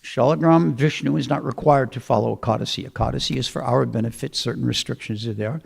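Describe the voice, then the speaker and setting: A man giving a storytelling sermon in a relaxed, conversational way, with fillers and throat clearing. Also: mid-range voice, quick pace. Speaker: speaker giving a scripture talk.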